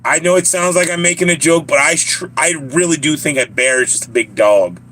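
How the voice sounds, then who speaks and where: A man's voice: on the high side, brisk, bright, forceful tone. A man with a Southern US accent chatting casually on a live stream, joking and laughing often as he rambles to his viewers.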